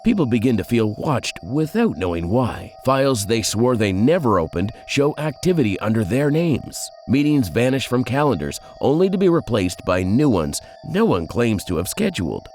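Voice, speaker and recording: A man narrating a dark crime story in a scripted, dramatic, measured way. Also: big pitch swings, soft background music. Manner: dramatic, measured storytelling with sudden drops in pitch and loudness.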